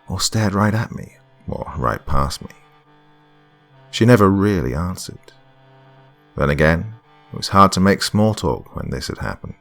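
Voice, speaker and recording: A man narrating a creepy first-person horror story in a measured, tense way, dropping to a hush at times. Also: low voice.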